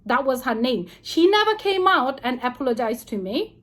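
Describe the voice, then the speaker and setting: A woman in a hotel room recounting a complaint to her camera, indignant and fast, replaying the back-and-forth as she tells it. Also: sits high, very animated, fairly bright tone. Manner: indignant, rapid retelling with quoted back-and-forth. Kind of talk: heated personal account to camera.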